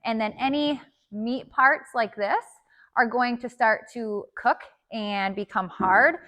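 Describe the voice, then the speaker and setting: A woman explaining a kitchen task step by step in a relaxed, casual tutorial, with the odd filler. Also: on the high side, slow pace. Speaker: homestead cooking instructor. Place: home kitchen.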